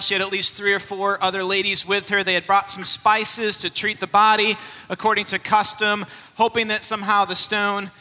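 A man's voice: sits high, sharp tone, long reverb tail. A man preaching a sermon as a pastor, telling the scripture story and acting out the voices in it.

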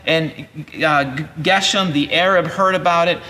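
A man's voice: on the high side, unhurried, bright, forceful tone. A man in his forties preaching a sermon as pastor, earnest and conversational with frequent restarts. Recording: long hall reverb.

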